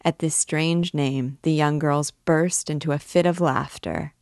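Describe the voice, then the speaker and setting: A woman reading a classic novel aloud in a measured, expressive storytelling manner. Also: deep voice, dry recording, studio quality. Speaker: reader.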